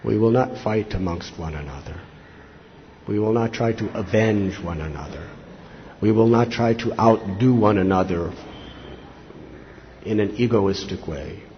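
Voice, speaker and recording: A man's voice: fairly low pitch, unhurried, pauses often. A man giving a devotional sermon as a monk, telling scripture stories earnestly and acting out quoted lines with rising intensity. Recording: slightly dull lo-fi recording with faint noise.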